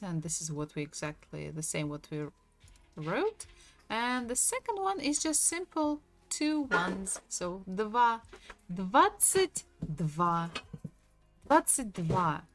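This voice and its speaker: A woman gives a patient online language lesson. She talks very slowly and repeats each word for practice. Her pitch moves up and down a lot. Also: fairly bright tone. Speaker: Russian language teacher.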